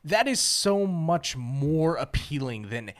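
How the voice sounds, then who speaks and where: A man's voice: fairly high pitch, big pitch swings, takes it slowly. A man co-hosting a podcast in casual chat, rambling with lots of fillers and heavy swearing. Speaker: podcast co-host.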